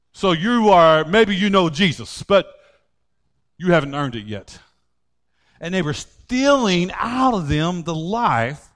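Animated high-voiced male preacher. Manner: animated preaching, swinging from loud outbursts to low quiet asides. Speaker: pastor. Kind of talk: sermon.

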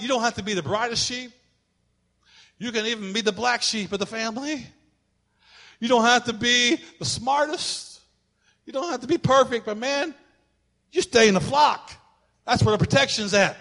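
A male pastor delivering a sermon, emphatic and repetitive, at times shouting. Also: sits high.

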